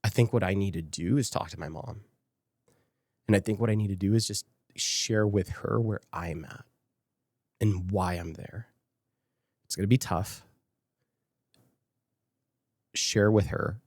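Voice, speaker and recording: A man from Las Vegas with a low, gravelly voice, speaking as a guest on a podcast. He tells a candid personal story and acts out old conversations as quoted dialogue, and at times he is emotional and choked up. The sound is dry and close, with no room around it. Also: a little slow, long pauses, a little mellow, no echo. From Las Vegas, USA.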